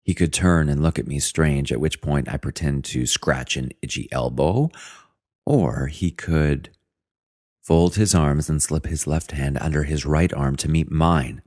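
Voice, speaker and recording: Male audiobook reader, extremely deep voice, wry and chatty first-person delivery, dry close studio sound. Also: a little slow, a little mellow, dry recording. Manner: wry, conversational, with self-mocking asides. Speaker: audiobook narrator.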